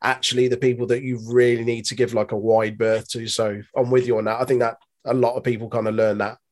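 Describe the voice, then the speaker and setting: A man's voice: mid-range voice, little pitch movement, quick pace. A man hosting a casual interview, friendly and rambling, who laughs easily. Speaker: podcast host.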